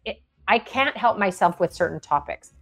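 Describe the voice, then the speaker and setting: A woman in casual podcast chat, thinking out loud and laughing often as she gives advice. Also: medium pitch, expressive, moderate pace, faint music behind. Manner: thoughtful, rambling, laughs often.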